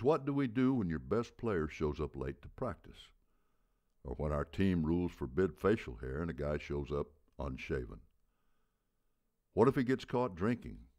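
A man with a very deep voice playing a gruff, blunt baseball coach in his seventies who barks out rhetorical questions. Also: a little mellow. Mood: lecturing. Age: 70s. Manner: barking, booming rhetorical questions.

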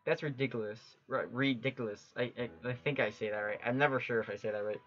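A man's voice: mid-range voice, steady tone, fast talker, a bit bright. A man commenting on a game he plays, tired and rambling, correcting himself often. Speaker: let's play gamer. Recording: dull lo-fi with faint game music.

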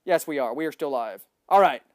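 A man giving excitable live gameplay commentary, boasting, repeating himself and bursting into loud yelling. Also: a little high, fairly quick, no echo, clean studio sound. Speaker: gaming livestreamer.

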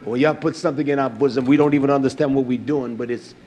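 An older man recounts his own story in an animated way, voicing the people he quotes. His pitch sits in an ordinary middle range. A faint hiss runs under the recording. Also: quick pace. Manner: animated, acts out quoted dialogue, repeats words. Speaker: speaker giving a testimony. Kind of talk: personal storytelling.

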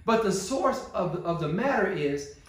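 Male pastor, high voice, sermon with rhetorical questions, heavy church echo. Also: lively intonation, measured pace. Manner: call-and-response preaching, rhetorical questions. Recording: very echoey church room.

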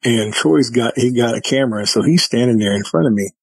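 A man's voice: mid-range voice, brisk, vocal fry, slightly rough, no room sound, rough recording. A man, a guest, casually telling a story in vivid detail and acting out what people said. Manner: vivid retelling with quoted dialogue.

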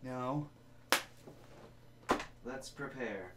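A man's voice: medium pitch, measured pace, pauses often, reverberant, background noise. A man hosting his own casual solo podcast, joking loosely and swearing freely as he rambles. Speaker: podcast host. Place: home basement studio.

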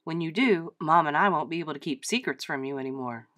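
A patient father who teases his daughter gently. A woman reading aloud plays him, dropping her voice lower and keeping it calm and even. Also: quick pace. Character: patient teasing middle-aged dad.

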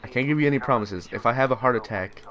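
A young man giving let's play commentary on a horror game, yelling, swearing and panicking in fright. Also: medium pitch, fast. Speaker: gamer.

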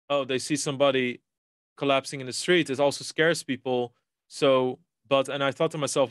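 A man's voice: medium pitch, a bit bright, no room sound, clean studio sound. A man, a podcast guest telling a personal story in a rambling way, swearing and restarting. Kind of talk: casual storytelling.

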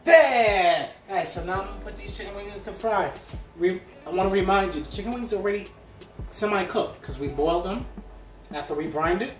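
A man's voice: sits high, brisk. A man hosting a casual cooking video, chatty and teasing as he walks through the frying steps. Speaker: cooking show host. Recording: echoey room, mic at a distance, faint music.

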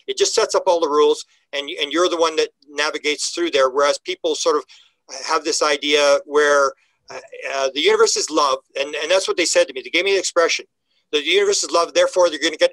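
A man's voice: fairly high pitch, a bit bright, no echo, poor audio. Folksy older man, dry and close. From Canada. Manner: folksy, emphatic, repeats words when starting sentences. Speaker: guest, UFO researcher. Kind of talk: casual interview talk.

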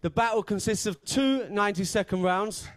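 A man's voice: high-pitched, moderate pace. A man emceeing a live beatbox event on stage, chatty and joking as he hypes the crowd. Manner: hyping the crowd, chatty and jokey. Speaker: event host.

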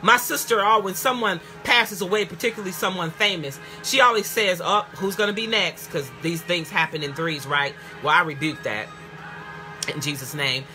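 A woman pastor preaching a fervent sermon, calling out hallelujah and rising to shouts. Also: on the low side, normal speed, faint music behind.

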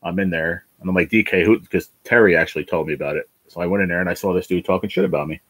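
A man's voice: low voice, fairly even intonation, racing, a bit bright, no echo, low-quality recording. A man hosting a casual livestream chat, worn down by illness, rambling and swearing as he vents his frustrations. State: ill, worn down. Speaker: livestream host.

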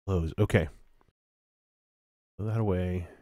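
A man talks through his game stream in a loose, self-mocking way, often laughing at his own mistakes. His voice sits a little low and he takes his time. The sound is dry and close. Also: fairly even intonation, slow pace, warm tone, no room sound. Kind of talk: casual gameplay commentary.

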